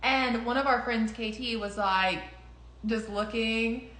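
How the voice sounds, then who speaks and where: A woman's voice: fairly high pitch, fairly even intonation, takes it slowly, a bit bright, roomy sound. A young woman in casual conversation, telling a personal story with lots of laughter and quoted voices. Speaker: podcast co-host.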